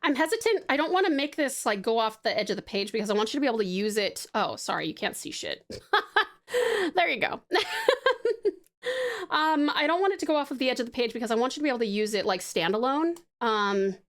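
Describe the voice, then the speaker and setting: Aussie lady streamer, high and bouncy, swings all over, gushes and swears and giggles while she draws. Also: sing-song, fast talker. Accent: Australian. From Tasmania, Australia. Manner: bubbly and affectionate, swears freely, laughs often; chatty, rambling while sketching. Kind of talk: casual live-stream chat.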